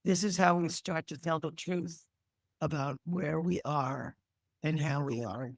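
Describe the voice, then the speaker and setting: A Tantra teacher guiding listeners to notice feelings in the body, in a gentle, coaching way. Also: male voice, a little high, unhurried, no room sound. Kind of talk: guided body-awareness talk.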